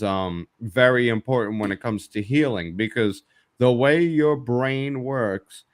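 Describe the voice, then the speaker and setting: A man hosting a live stream, chatting casually in a blunt, joking, profane way. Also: fairly low pitch. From New York. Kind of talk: casual chat.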